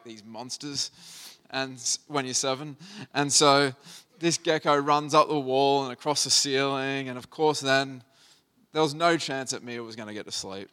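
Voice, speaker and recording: A man's voice: mid-range voice, sharp tone, clean tone. A man in his thirties, a pastor, preaching a sermon by telling a personal family story in a conversational, earnest way.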